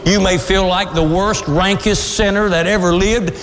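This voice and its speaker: A man preaching a fiery, old-fashioned sermon, swinging between shouted peaks and low, drawn-out lines. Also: steady tone, big-room sound, a faint crowd.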